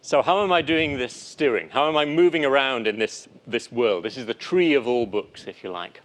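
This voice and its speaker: A man lecturing and demonstrating software to an audience, lively and playful, with animated asides. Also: mid-range voice, normal speed. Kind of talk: live technical talk with demo.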